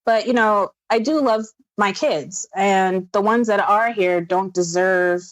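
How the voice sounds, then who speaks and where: A woman in her thirties, a guest on a podcast, talks through family life in a relaxed, chatty way. She pads her sentences with fillers and laughs easily. Her voice sits at an ordinary pitch and sounds close and dry, with no room around it. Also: a little slow, no room sound. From upstate New York. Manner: warm storytelling with frequent laughs and fillers. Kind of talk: casual chat.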